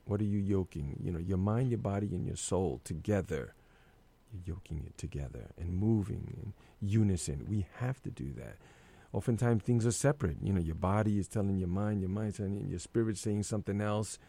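Gravelly-voiced man telling animated stories. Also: sits low, brisk, no room sound. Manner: animated storyteller, acts out his own inner voice. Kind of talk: casual conversation.

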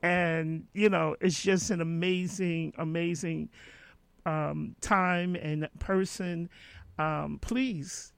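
Animated woman hosting a casual chat. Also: fairly low pitch, slow pace, gravelly, smooth, no room sound. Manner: animated, laughs often, many restarts. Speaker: host.

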